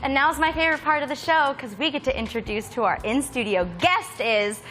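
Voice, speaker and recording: A woman's voice: sits high, a little fast, fairly bright tone, slight background noise. A woman hosting a casual studio craft show, upbeat and playful, laughing often. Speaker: host.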